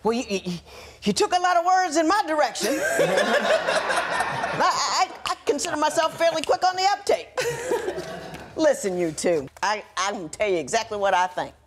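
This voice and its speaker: A woman's voice: high-pitched, expressive, moderate pace, over a noisy crowd. A woman presiding as a television judge, questioning litigants in a playful, teasing way. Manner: playful, teasing, laughs often. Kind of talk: courtroom show questioning.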